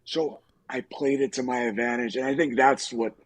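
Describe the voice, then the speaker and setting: A middle-aged man, an actor on a podcast, casually telling profane, animated stories and acting out quoted lines. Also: mid-range voice, moderate pace, breathy edge. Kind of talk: casual storytelling.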